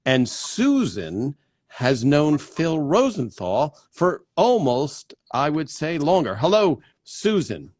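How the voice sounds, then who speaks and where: A man's voice: a little high, huge pitch swings, slow, a little mellow, dry recording, studio quality. Chatty middle-aged man greeting his viewers. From New Jersey. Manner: chatty, greets viewers one by one, many fillers. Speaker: host. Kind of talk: casual livestream chat.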